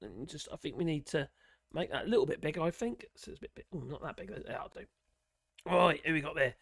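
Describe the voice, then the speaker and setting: A man's voice: fairly high pitch, fast talker, gravelly, a bit bright, dry recording, clean studio sound. Rambling man ranting on a stream. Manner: rambling, blunt and ranting, with swearing and chuckles. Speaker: host of a live politics stream. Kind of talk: casual live-stream commentary.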